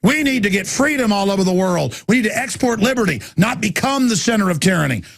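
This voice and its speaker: A man's voice: high voice, expressive, quick pace, vocal fry, slightly rough, no echo, clean studio sound. A man hosting a call-in radio talk show, ranting and sarcastic as he takes callers. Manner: ranting, sarcastic, mocking put-on voices.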